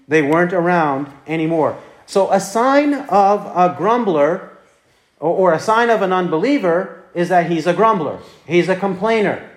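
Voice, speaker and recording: Slow, high-voiced preacher in a roomy hall. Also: male voice. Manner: deliberate, repeats scripture references. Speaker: pastor. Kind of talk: expository sermon.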